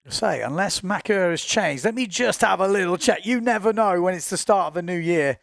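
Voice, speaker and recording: A man's voice: sits high, lively intonation, brisk, gravelly, no room sound, clean studio sound. A man giving chatty, informal live commentary on a windsurfing race, often correcting himself as he goes.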